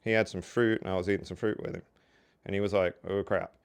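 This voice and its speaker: Deep, smooth and steady in tone, an older man rattles off casual tales from his working years at a fast clip. The telling is folksy and talkative, peppered with "you know" and "so anyway."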